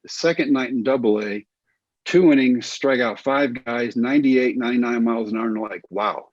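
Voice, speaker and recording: A man's voice: medium pitch, a little fast, dry recording, muffled recording. Middle-aged man telling baseball stories. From Texas. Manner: animated, acts out quoted voices. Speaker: guest, former baseball pitcher. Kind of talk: casual storytelling interview.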